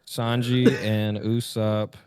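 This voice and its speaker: A man's voice: fairly low pitch, flat delivery, takes it slowly, a crowd in the background. A man in casual chat as a co-host, incredulous and exasperated, drawing out his reactions. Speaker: podcast co-host.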